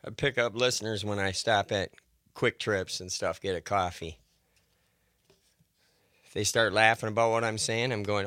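A male radio host with a bright, forward tone, chatting loosely on air. He jokes at his own expense and talks about years of smoking. Relaxed, rambling studio banter. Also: lowish voice, normal speed, pauses often. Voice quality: smoker's voice. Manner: self-deprecating, joking. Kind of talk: casual on-air chat.

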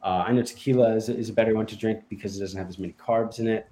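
A man's voice: fairly low pitch, fairly even intonation, rapid-fire, warm tone. Chatty male guest editor on radio. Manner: chatty, laughs at his own stories. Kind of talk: casual radio chat.

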